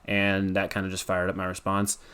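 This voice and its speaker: A man's voice: deep voice, completely flat delivery, a little fast, bright, forceful tone, clean tone. A young man from Colorado answering interview questions casually, rambling with lots of fillers. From Colorado, USA. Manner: rambling, with many fillers and likes. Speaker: podcast guest.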